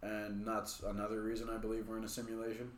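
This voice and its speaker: A man's voice: on the low side, monotone, fast, echoey room, slight background noise. A man co-hosting a podcast, telling long stories in casual, profane chat. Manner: profane, rambling storytelling. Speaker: podcast co-host.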